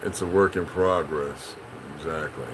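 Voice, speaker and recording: A man's voice: very deep voice, steady tone, unhurried, background noise. A middle-aged man, a channel host, in a rambling, profane, preachy unscripted monologue.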